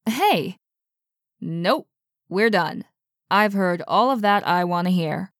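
A woman's voice: fairly low pitch, animated, slow, fairly bright tone, no room sound, clean studio sound. A woman doing a blunt, panicky young man. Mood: firm. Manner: blunt and agitated. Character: panicky, swearing young man, eager to flee.

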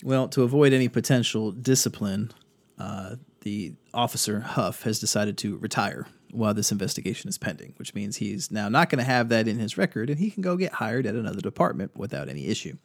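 A man's voice: on the low side, animated, brisk, dry recording. A man hosting a podcast, giving sardonic, profane commentary on news stories and reading quotes aloud. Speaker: podcast host.

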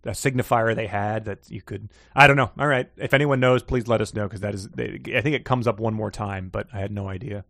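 A man's voice: on the low side, fairly even intonation, a little fast, vocal fry, few pauses, fairly bright tone, no room sound, studio quality. A man co-hosting a casual comedic book discussion podcast, giggling often as he reads passages aloud. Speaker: podcast co-host.

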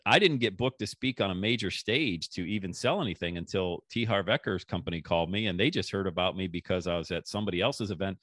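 A man hosting a podcast and telling a story in a casual, animated way, acting out the people he quotes. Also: low-pitched, quick pace, hardly any pauses, no room sound, studio quality. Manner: animated, acts out quoted voices. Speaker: podcast host.

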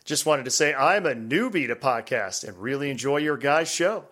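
A man's voice: mid-range voice, animated, normal speed, fairly bright tone. A man co-hosting a podcast, reading listener emails aloud in casual chat and laughing often. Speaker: podcast co-host.

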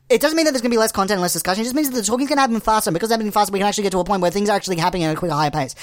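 A man making rushed comic campaign promises as a pretend politician. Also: sits high. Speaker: comedic mock politician. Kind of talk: comedic monologue.

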